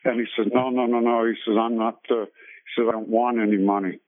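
An older singer being interviewed, telling a long story with many fillers and restarts. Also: male voice, mid-range voice, little pitch movement, fairly quick. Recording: tinny phone-line radio call.

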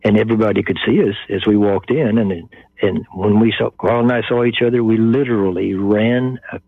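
A man's voice: fairly low pitch, steady tone, brisk, gravelly, breathy edge, no echo. An older man with a Texan accent, the guest in an interview, telling a story and acting out the voices of the people in it. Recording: muffled phone-line sound.

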